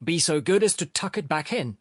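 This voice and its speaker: A man voicing an energetic young doctor, firm, insistent and lecturing. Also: fairly high pitch, moderate pace, dry recording, clean studio sound, voice pushed up.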